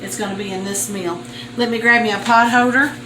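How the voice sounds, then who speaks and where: A woman's voice: mid-range voice, steady tone, a little fast, roomy sound, background noise. An older woman, hosting a home cooking vlog and chatting in a homey way as she cooks. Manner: chatty, homey storyteller, laughs often. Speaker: home cooking show host. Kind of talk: casual cooking vlog chat. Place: home kitchen.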